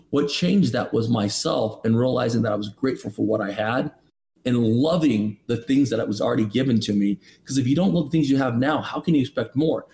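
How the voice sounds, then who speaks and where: A man's voice: mid-range voice, vocal fry, a little mellow, slight background noise. A man in his thirties, a podcast guest, telling a personal story with emphatic, preachy rhetorical questions. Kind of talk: candid motivational storytelling.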